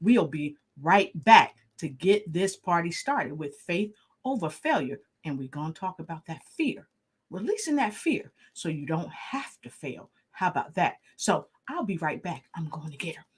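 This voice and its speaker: A woman's voice: fairly low pitch, a little slow, breathy edge. A woman hosting an online talk show, hyping viewers with playful call-outs and repeated chants. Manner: animated, hypes the audience, chanting and call-outs. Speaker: host.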